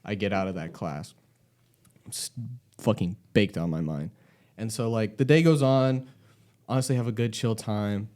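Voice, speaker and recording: A man's voice: fairly low pitch, normal speed, long pauses, a little mellow. A young man telling a casual, rambling story on a podcast, swearing a lot and laughing often. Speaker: podcast host.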